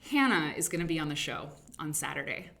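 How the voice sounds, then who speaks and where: A woman's voice: sits low, expressive, a little fast, gravelly, fairly bright tone. A woman from the American Midwest hosting a casual livestream from a home studio, chatty and rambling, laughing easily. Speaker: host. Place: home studio with green screen.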